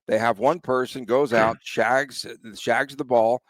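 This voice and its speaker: A man's voice: mid-range voice, steady tone, slow pace, no room sound. A man hosting a sports podcast in casual chat, conversational and asking his co-host questions.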